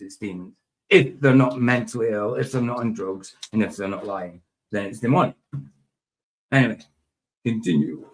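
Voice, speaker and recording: A man's voice: mid-range voice, gravelly. A man hosting a livestream, chatting casually and rambling while reacting to a video, laughing often. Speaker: livestream host.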